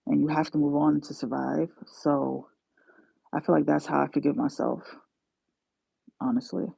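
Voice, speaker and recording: Gravelly-voiced New woman chatting. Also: low-pitched, little pitch movement, moderate pace, mellow, dry recording. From New York. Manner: chatty, slangy, self-mocking, laughs often. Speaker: travel nursing aide, livestream host. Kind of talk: casual livestream chat. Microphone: phone. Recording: dull lo-fi phone audio.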